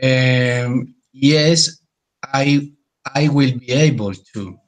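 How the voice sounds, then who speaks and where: Halting, slow-speaking male student. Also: medium pitch, low-quality recording. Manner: hesitant, halting with many fillers.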